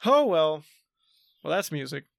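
A young man in his twenties rambles through a casual podcast chat, thinking out loud as he goes. His voice sits a touch high with a gravelly fry, recorded close and dry. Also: big pitch swings, unhurried, dry recording. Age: 20s. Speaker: podcast co-host.

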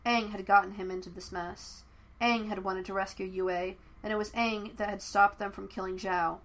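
A woman reads fan fiction aloud as an audiobook, narrating the story steadily and evenly. Her voice is mid-range and her pace is normal.

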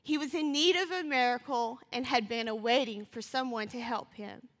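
A woman preaching a sermon. She reads scripture and talks fast, rising to passionate calls. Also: fairly high pitch, fairly bright tone. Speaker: church speaker. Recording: long reverb of a church hall.

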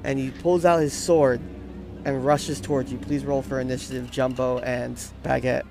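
A man narrating a tabletop game as its game master, loose and casual, with quick jokes. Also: mid-range voice, little pitch movement, creaky, background noise.

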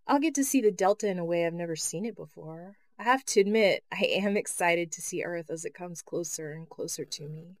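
A woman's voice: on the low side, brisk, hardly any pauses, no echo, natural voice. A woman reading the part of a shy, anxious young woman astronaut who speaks hesitantly, in an audiobook. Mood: earnest. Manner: hesitant, nervous.

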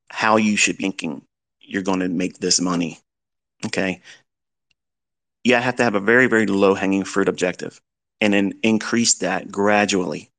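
A man's voice: low-pitched, gravelly, fairly bright tone. A middle-aged man lecturing as a trading mentor, giving blunt fatherly advice with rhetorical questions. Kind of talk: lecture-style talk.

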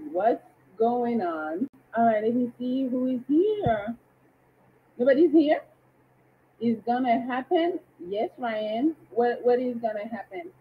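A woman's voice: a little high, slightly rough, highs cut off. Chatty woman livestream host. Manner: chatty, greets viewers by name. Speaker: livestream dating show host. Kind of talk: casual livestream hosting.

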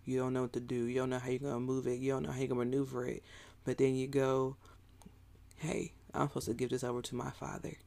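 Gravelly-voiced man preaching casually. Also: medium pitch, completely flat delivery, fast, dark tone. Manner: casual, conversational preaching with asides to the listeners. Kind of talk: sermon.

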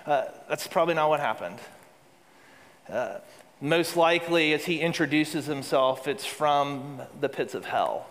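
A man's voice: on the high side, measured pace, fairly bright tone. A man preaching a sermon to a congregation, earnest and building to emphatic peaks with repeated phrases. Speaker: pastor. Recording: long hall reverb.

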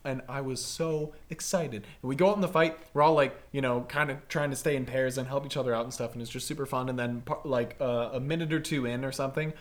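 A man hosting a casual conversation speaks at a middle pitch. He tells stories in an animated, meandering way, full of fillers and restarts. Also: fast talker, few pauses. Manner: animated, rambling, lots of "like" and "uh". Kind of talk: casual chat storytelling.

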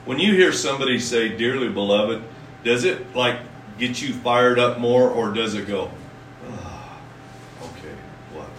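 Bright-voiced folksy preacher in an echoey room. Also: male voice, mid-range voice, distant mic, slight background noise. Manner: folksy, reads scripture slowly and emphatically. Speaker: pastor. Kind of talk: sermon.

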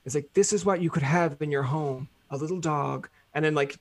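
A man hosting a podcast in casual chat, animated and quick to act out silly quoted voices with laughter. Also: on the high side. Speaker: podcast host.

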